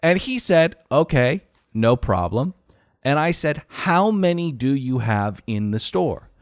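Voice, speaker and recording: Animated man telling an exasperated story. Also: medium pitch, slow, no echo, studio quality. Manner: exasperated, swears freely. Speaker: podcast co-host. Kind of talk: casual storytelling.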